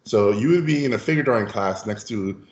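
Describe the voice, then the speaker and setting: A man with a low voice tells stories as a podcast guest, lively and animated, slipping into the voices of the people he describes. The sound is roomy and dull, like a lo-fi recording. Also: fairly quick. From Mexico. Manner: lively storyteller who acts out voices. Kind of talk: animated anecdotal storytelling.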